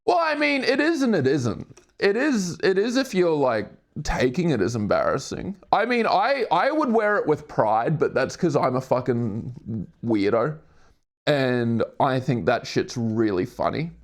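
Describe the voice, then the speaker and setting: A young man livestreams himself doing a puzzle while chatting with his viewers, his voice sing-song and unhurried with vocal fry. He swears a lot, laughs often, jokes around goofily, and slips into silly, high put-on voices.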